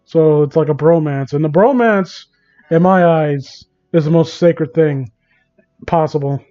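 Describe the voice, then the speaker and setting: Man reading fan fiction aloud, sarcastic asides, high voice, dull lo-fi sound. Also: a little slow, warm tone. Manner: sarcastic, incredulous, rambling asides. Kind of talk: comedic dramatic reading with commentary.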